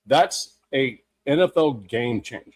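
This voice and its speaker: A man's voice: medium pitch, lively intonation, unhurried. A man co-hosting a casual sports podcast, talking emphatically, often repeating himself and arguing his point. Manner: emphatic, repetitive, argumentative. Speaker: podcast co-host.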